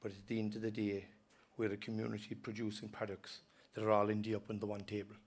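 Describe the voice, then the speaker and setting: An Irish man speaking at a live event. His voice is low and steady, with little rise or fall. He talks earnestly but haltingly, catching himself and starting over. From Ireland. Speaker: dairy farmer giving a talk. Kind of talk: personal storytelling speech.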